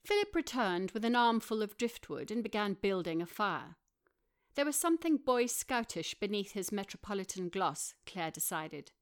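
Woman reading an audiobook, steady measured voice, middle pitch. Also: clear, resonant tone. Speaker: narrator. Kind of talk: audiobook narration.

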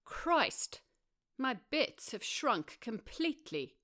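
A man's voice: very high voice, big pitch swings, slow, bright, forceful tone, pitched above the performer's own voice, heavily acted. A woman voicing a carefree, impulsive middle-aged Englishman who talks in a boisterous, hearty way.

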